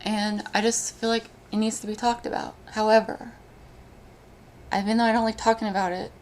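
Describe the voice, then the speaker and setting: A woman's voice: on the high side, flat delivery. Woman on a live stream, emotional, keeps restarting her sentences, faint hiss behind. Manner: emotional, halting, frequent restarts. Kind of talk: casual live-stream chat.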